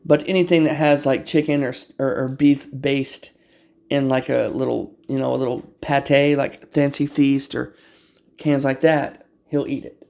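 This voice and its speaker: Gravelly man chatting to his cats. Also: medium pitch, steady tone, a little slow, darkish tone. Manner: playful, swears freely, coos at his cats in baby talk. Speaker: pet vlogger filming his cats. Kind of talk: casual livestream chat. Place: indoors at home. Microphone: phone or camera on a tripod.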